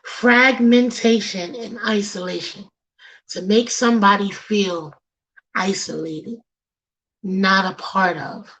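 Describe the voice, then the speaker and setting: A woman's voice: mid-range voice, takes it slowly, fairly bright tone, poor audio. A woman from the Bronx with a New York accent, hosting a talk show in an emphatic, sermon-like way, slangy and direct with her listeners. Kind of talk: preachy talk-show monologue.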